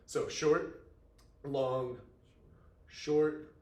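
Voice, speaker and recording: A man teaching a Latin class, talking to his students in a casual, animated way. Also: mid-range voice, extremely slow, reverberant. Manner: casual and animated, talks to students as "dude" and "y'all". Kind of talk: classroom lecture.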